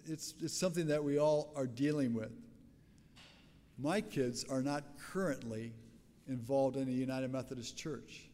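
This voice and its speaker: An older man, a pastor with a raspy voice, preaching a sermon in a conversational, storytelling way with frequent restarts. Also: mid-range voice, unhurried, dark tone, long reverb tail.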